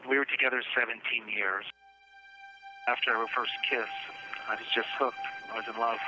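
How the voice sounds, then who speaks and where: A man in a phone interview from jail, recounting events in a plain, halting first-person way. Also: medium pitch, fairly even intonation, music in the background, poor audio. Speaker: jailed murder suspect.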